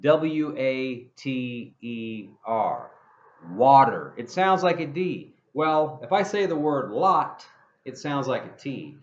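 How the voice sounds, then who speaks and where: Male English teacher, slow deliberate drilling delivery, roomy room sound. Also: medium pitch, expressive. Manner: slow, deliberate modeling of sounds, spelling words out and repeating drill phrases. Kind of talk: pronunciation lesson. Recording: roomy, slightly dull recording.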